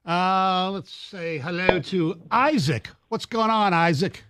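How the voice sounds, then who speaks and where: A man hosting a sports talk radio show, taking calls and reading out the phone number in a measured way. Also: sits high, expressive, a bit bright, dry recording. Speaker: radio host. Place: radio studio.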